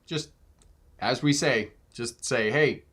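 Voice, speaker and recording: Chatty driving instructor, man, mid-pitched. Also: normal speed, fairly bright tone. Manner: chatty, laughs often, acts out exchanges in voices. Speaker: driving instructor and channel host. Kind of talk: casual live viewer Q&A.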